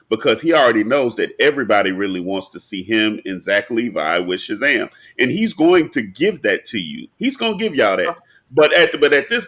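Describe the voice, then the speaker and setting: A man co-hosting a casual pop-culture podcast, explaining his points at length in an animated, slangy way. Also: mid-range voice. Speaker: podcast co-host.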